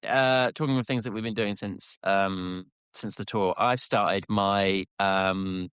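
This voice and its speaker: A man's voice: fairly low pitch, fairly even intonation, slow pace, a bit bright, clear, resonant tone, no echo. A man co-hosting a podcast, telling rambling casual stories full of fillers and restarts. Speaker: podcast co-host. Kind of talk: casual chat.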